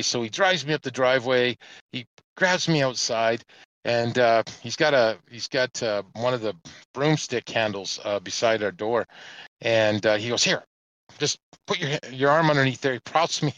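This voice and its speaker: A man, casually telling a long, animated anecdote on a podcast panel. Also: mid-range voice, no room sound, rough recording. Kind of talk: casual storytelling chat. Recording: music playing underneath.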